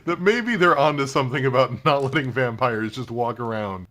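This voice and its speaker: A man co-hosting casual gaming commentary, animated and wry. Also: mid-range voice, moderate pace. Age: adult. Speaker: co-host.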